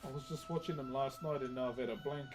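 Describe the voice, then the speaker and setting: A man's voice: mid-range voice, steady tone, fast. A man with a New Zealand accent chatting casually on a live stream while he works. He is laid-back, reads viewer comments aloud, laughs often and calls people "bro" constantly. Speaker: livestreaming wood carver.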